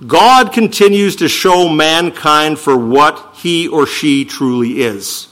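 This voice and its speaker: A man preaching a sermon, reading scripture slowly and with emphasis, then explaining it in quicker asides. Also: fairly high pitch, a bit bright. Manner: emphatic, swings from slow declaiming to quick asides. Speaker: pastor.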